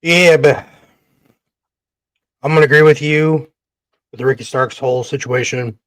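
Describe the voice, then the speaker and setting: A man hosting a wrestling podcast who rants loudly and profanely in casual chat. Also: medium pitch, fairly even intonation, unhurried, dry recording, clean studio sound. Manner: loud, profane, emphatic. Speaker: podcast host.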